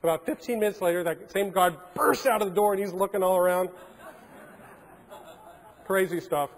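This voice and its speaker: A man in his forties giving a keynote at a hotel conference, telling animated anecdotes with plenty of fillers. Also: sits high, moderate pace, some chatter behind. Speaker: keynote speaker. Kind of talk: storytelling keynote. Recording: long reverb of a large hall.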